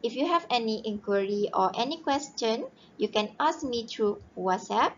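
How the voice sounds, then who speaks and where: A woman teaching a recorded primary-school English grammar lesson, slowly spelling out words letter by letter. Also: fairly high pitch, lively intonation, slight background noise. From Malaysia. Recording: dull lo-fi home recording.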